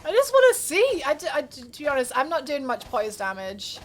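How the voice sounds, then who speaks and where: Bubbly high-voiced woman streamer. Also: huge pitch swings, brisk, a little hiss or hum. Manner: chatty and bubbly, answers chat by name, laughs often. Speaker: livestreamer. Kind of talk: casual live gameplay commentary.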